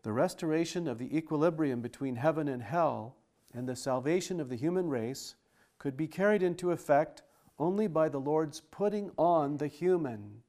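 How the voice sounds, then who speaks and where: A man reading scripture aloud in a steady, formal style with archaic wording. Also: a little high, moderate pace.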